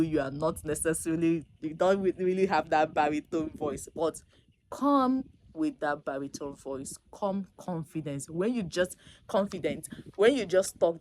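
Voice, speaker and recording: A woman vlogger giving casual dating advice straight to camera, emphatic and teasing, swinging between loud bursts and soft asides. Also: fairly low pitch, a little hiss or hum.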